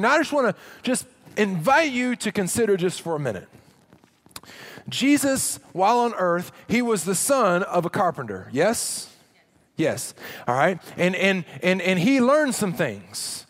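Man, pastor, sermon, high-pitched, humorous, dramatic hushed drops. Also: huge pitch swings, a little slow.

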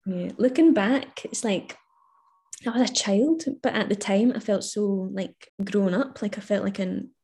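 Young woman guest, mellow tone, chatty, says like a lot. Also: mid-range voice, measured pace. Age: young adult. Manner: warm, reflective, laughs easily, lots of "like". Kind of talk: casual chat.

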